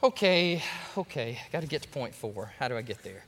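A man preaching a sermon as pastor, animated and joking, speaking straight to his congregation. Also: mid-range voice, normal speed. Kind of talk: lively sermon. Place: large church sanctuary. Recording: long church hall reverb.

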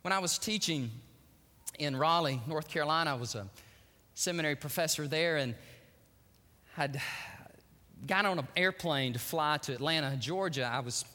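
A middle-aged man preaching a sermon, animated, acting out the voices he quotes and laughing often. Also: a little high, moderate pace, long pauses, big-room sound. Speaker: pastor.

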